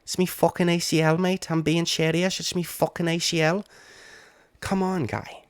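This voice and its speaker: A man's voice: on the high side, flat delivery, normal speed, dry recording, clean studio sound, voice pushed up, natural voice. A man putting on a Liverpool accent to imitate a brash young male fighter, swearing and exaggerated. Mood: mocking plea.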